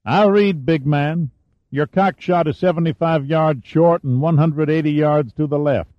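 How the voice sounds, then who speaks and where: A brash radio spotter drawls cockily in a pitched-up voice, as a man puts him on. The sound is dull and dry, close to the mic. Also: measured pace, no echo, natural voice. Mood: cocky. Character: brash male radio spotter calling fire.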